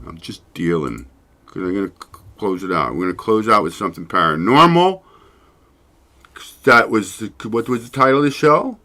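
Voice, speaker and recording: A man's voice: mid-range voice, pushed and bright. A man hosting his own show, chatting casually and rambling, swearing freely and laughing often. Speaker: show host. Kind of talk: casual solo livestream chat.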